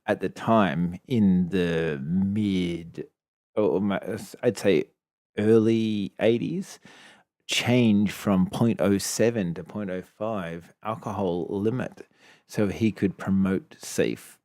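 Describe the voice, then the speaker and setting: A man's voice: low voice, slow, a little mellow, dry recording, studio quality. An Australian man co-hosting a casual podcast, talking in a laid-back, rambling way. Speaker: podcast co-host. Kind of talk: casual chat.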